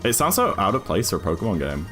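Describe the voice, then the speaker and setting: A man's voice: lowish voice, huge pitch swings, fast talker, fairly bright tone, faint music behind. A British man chatting casually with his live-stream chat while speedrunning a game. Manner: chatty, apologetic, reads chat aloud.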